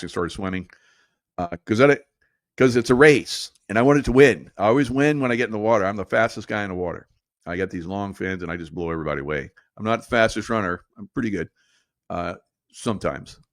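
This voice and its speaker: A man's voice: fairly low pitch, no echo, studio quality. A middle-aged man hosting a show, telling rambling stories in a casual, conspiratorial monologue and laughing between points. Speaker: show host.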